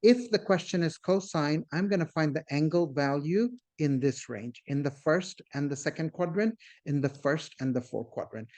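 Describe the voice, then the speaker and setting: A man teaching math speaks in a somewhat high, slightly mellow voice with lively intonation, normal speed and hardly any pauses. His classroom lecture goes step by step, and he often checks in with the "guys" in his class and invites questions.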